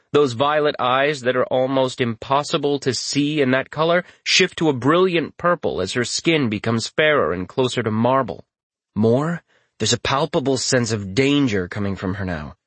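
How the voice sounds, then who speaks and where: A man narrating a first-person fantasy story with a steady, even storytelling delivery. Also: mid-range voice, dry recording. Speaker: audiobook narrator.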